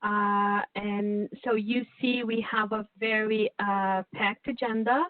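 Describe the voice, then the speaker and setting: A woman moderating an online panel, polite and hesitant, often pausing with fillers. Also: medium pitch, steady tone, dry recording. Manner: polite, with frequent fillers and restarts. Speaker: webinar moderator. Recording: dry, tinny phone-like webinar audio.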